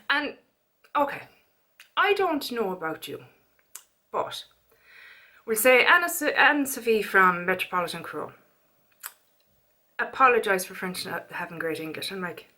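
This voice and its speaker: Bright-voiced chatty Irish woman. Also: medium pitch, normal speed, long pauses. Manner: chatty, animated, prone to rants. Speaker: beauty vlogger. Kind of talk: casual chatty haul vlog.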